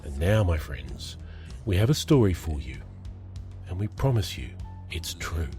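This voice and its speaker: A man introducing a story and its reader on a podcast in a measured, formal way. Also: sits low, very animated, dark tone. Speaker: podcast host. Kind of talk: scripted introduction. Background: music.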